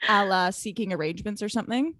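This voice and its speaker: A woman's voice: mid-range voice, fairly bright tone, dry recording. Woman podcast host, teasing and bossy, dry recording. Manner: teasing, bossy, quick-witted. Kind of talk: casual podcast chat.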